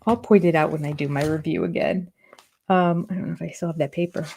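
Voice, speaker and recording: Older woman host, lowish voice, sarcastic live-stream chatter, laughs a lot. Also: steady tone, fast talker, creaky, a little mellow, a little hiss or hum. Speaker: reality TV review host. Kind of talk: live-stream chat with viewers.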